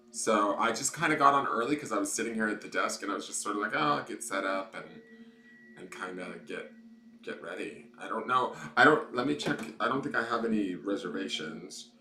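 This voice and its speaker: A man's voice: on the low side, bright, forceful tone. A man who reads tarot, chatting casually and rambling to his livestream viewers from a desk at home, swearing freely. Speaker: tarot reader hosting live readings. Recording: echoey room with clear background noise.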